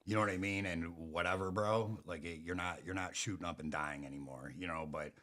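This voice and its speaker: A man's voice: low voice, steady tone, fairly quick, bright, forceful tone. A man who is a guest on a podcast, talking in blunt, clipped casual chat.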